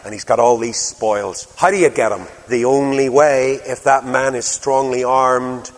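An older preacher delivers a sermon in a lively, storytelling manner, throwing rhetorical questions at his listeners. His mid-range voice rings out with a long reverb that hangs in the hall. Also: mid-range voice, measured pace.

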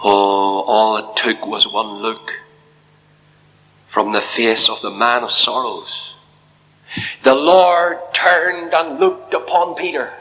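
A man preaching an evangelical sermon to a congregation in church, impassioned, dropping to a hush and then rising high. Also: takes it slowly, dull audio. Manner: impassioned, swinging from hushed to soaring. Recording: long reverb of a hall.

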